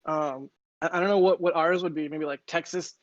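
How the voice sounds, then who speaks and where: A man's voice: a little high, steady tone, fairly quick. Joking co-host man with a dull sound. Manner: joking, rambling, self-interrupting. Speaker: livestream co-host. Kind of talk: casual livestream chat.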